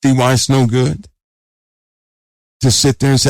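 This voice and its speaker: A man's voice: medium pitch, flat delivery, a little slow, dry recording, studio quality. A man preaching an urgent sermon, exhorting listeners and repeating phrases for emphasis.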